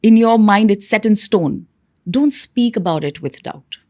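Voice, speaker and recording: A young adult woman, a communication coach answering interview questions in an instructive way and often changing her pitch to demonstrate examples. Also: animated, unhurried, a little mellow, dry recording, studio quality.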